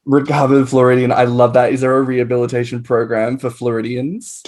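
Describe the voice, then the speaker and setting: A man with an Australian accent, hosting a podcast in lively, campy casual chat and laughing often. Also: mid-range voice, fairly quick. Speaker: podcast host.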